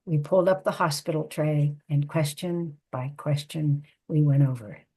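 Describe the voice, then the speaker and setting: Older woman guest, husky lowish voice, recounting a personal story in an interview. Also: mellow. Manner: measured, reflective storytelling. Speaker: guest, psychotherapist and author.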